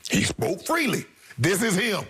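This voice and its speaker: A man's voice: high voice, wildly swooping pitch, unhurried, a bit bright, breathy edge. A middle-aged man, co-hosting a sports debate show and giving heated, preachy opinion commentary straight at his co-host. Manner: emphatic, preachy, addresses co-host directly.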